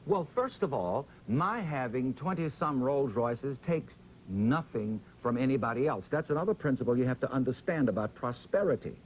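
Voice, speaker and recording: A man, interviewed as a preacher, tells his story with a dramatic, drawn-out pulpit cadence. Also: mid-range voice, expressive, darkish tone, slight background noise, low-quality recording.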